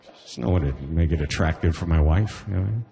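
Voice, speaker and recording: Deep-voiced man doing stand-up. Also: quick pace, creaky, mellow. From Caribbean. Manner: conversational, peppered with "you know what I mean". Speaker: stand-up comedian. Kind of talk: stand-up comedy set.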